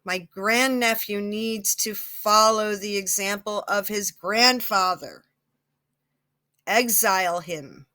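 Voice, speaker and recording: A man's voice: sits high, slow pace, bright, forceful tone, clear, resonant tone, full character voice. A woman voicing an exiled old royal duke who speaks in a blunt, commanding way. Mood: stern.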